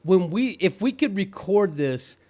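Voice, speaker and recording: A man with a high voice talks bluntly in a casual podcast chat. He laughs easily and acts out inner voices as he makes his point. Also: expressive, measured pace, mellow.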